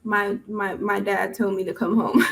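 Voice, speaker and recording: Brief: young female English tutor, unhurried, friendly corrections, video-call sound. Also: medium pitch, level tone, creaky, slight background noise, low-quality recording. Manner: patient, gently correcting, laughs often. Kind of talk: casual online tutoring chat.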